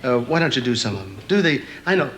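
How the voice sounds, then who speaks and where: A man's voice: mid-range voice, very animated, quick pace, fairly bright tone, slight background noise, poor audio. A man hosting a television variety show, introducing and chatting easily with a guest. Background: studio audience.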